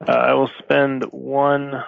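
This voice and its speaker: A man plays a tabletop game in a gravelly voice, quick and matter-of-fact. His voice comes through a thin, phone-like voice chat line. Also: mid-range voice, monotone. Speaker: player. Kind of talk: casual tabletop play.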